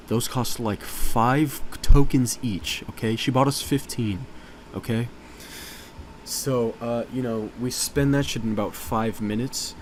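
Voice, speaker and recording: A man's voice: fairly low pitch, slight background noise. A man telling a story in a casual, rambling, profane way, full of "uh" and "you know".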